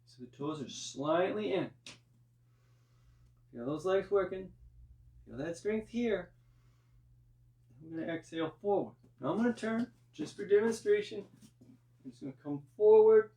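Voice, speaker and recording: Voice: mid-range voice, measured pace, pauses often, darkish tone, recorded from a distance. A yoga teacher guiding a live class through breath and poses, with chatty asides. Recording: roomy, voice from off-mic.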